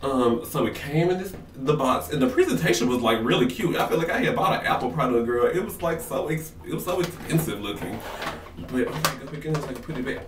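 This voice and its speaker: A man's voice: medium pitch, animated, fast talker, a little hiss or hum. A man in his twenties vlogging from a home bathroom, chatty and nervous, with a sassy way of talking. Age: 20s. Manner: nervous, chatty, sassy, says "girl" often. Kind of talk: casual vlog talk. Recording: roomy echo, slightly distant.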